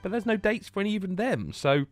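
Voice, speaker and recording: A man's voice: high voice, very animated, fast, no room sound, soft background music. A man hosting a casual podcast chat, jokey and rambling as he reads out lists. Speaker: podcast host.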